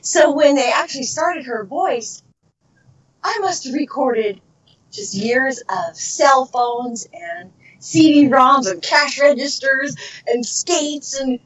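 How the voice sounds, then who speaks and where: A woman's voice: high voice, takes it slowly, fairly bright tone, distant mic. A middle-aged woman and voice actress, telling stories in a casual interview and trailing off into tangents. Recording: dull lo-fi recording.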